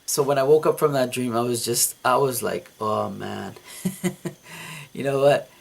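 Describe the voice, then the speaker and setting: A man vlogging, telling a story from his dream in a casual, animated way, repeating words and laughing at himself. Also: medium pitch, moderate pace.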